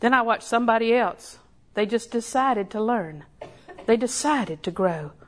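An older woman preaching a sermon in a folksy, storytelling way, with slow emphatic repetition. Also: a little high.

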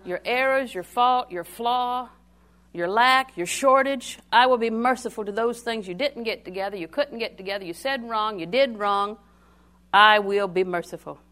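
Older woman preacher with sermon cadence, swinging between loud declarations and near-whispers, call-and-response. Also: a little high, normal speed.

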